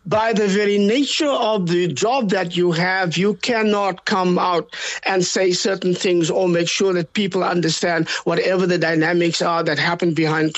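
A man's voice: high-pitched, no room sound, poor audio. An older South African man, a political leader, answering interview questions in an earnest, emphatic way. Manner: earnest, emphatic, speaks in long measured runs.

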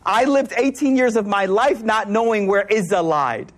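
Lively, slangy male preacher telling stories. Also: high voice, normal speed. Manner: casual slang, repeats words and restarts; animated, laughing while telling stories. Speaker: Islamic speaker. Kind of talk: storytelling sermon to a live audience.

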